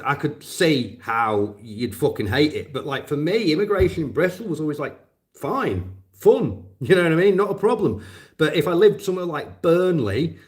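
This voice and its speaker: A man at an ordinary middle pitch talks off the cuff to his stream chat. He rambles, swears often and leans on fillers as he goes. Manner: profane, rambling, many fillers. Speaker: volunteer drone operator answering live chat. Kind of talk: casual livestream chat.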